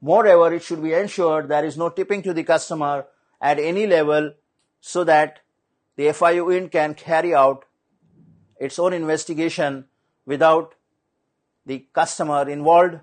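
A man giving a slide-based lecture on banking compliance, measured and explanatory, repeating his key points. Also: fairly high pitch, steady tone.

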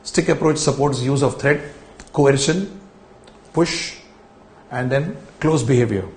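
A man's voice: medium pitch, slow pace, reverberant. A man gives a classroom lecture, repeating words and telling students to underline key terms.

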